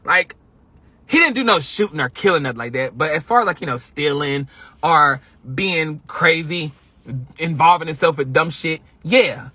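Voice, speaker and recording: A man's voice: fairly high pitch, animated, moderate pace, pushed and bright, no echo. A man talking on a phone live stream from a car, heartfelt and rambling, often repeating himself. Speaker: vlogger. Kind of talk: emotional live-stream monologue.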